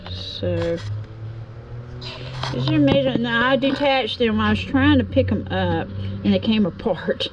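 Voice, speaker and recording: A woman's voice: fairly high pitch, lively intonation, a little slow, pauses often, dull audio, noisy background. A middle-aged woman with a Southern US accent, talking casually and rambling to her viewers from her woodturning workshop. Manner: rambling, chatty, folksy. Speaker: woodturning vlogger. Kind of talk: casual chat to camera. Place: home workshop.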